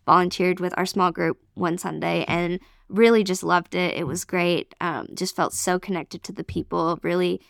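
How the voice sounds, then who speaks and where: A woman from Canada telling an emotional personal testimony as a podcast guest, earnest and excited. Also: lowish voice, normal speed, creaky, hardly any pauses, no room sound, studio quality. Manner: earnest, excited storytelling with many fillers.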